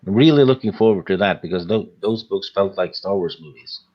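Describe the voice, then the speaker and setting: A man with a very low voice joins a casual panel chat, talking hesitantly and filling his speech with pauses. His audio is dull and muffled, like a lo-fi call. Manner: slow, hesitant, full of uhs.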